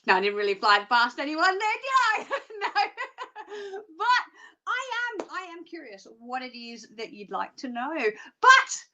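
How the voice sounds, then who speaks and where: A woman's voice: high voice, very animated, a little slow, pushed and bright. A woman from Australia presenting a live psychic phone-in show, chatty, bubbly and self-mocking.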